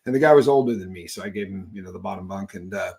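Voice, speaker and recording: A man's voice: low-pitched, rapid-fire, gravelly, mellow. A man hosting a live talk show, chatting casually and rambling with many fillers and restarts. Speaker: podcast host.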